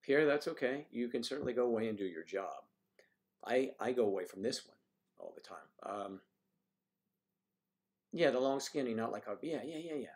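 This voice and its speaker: A man's voice: medium pitch, lively intonation, moderate pace, long pauses. A man hosting a casual livestream, musing aloud and joking as he reads out viewer comments. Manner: rambling, joking. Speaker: livestream host.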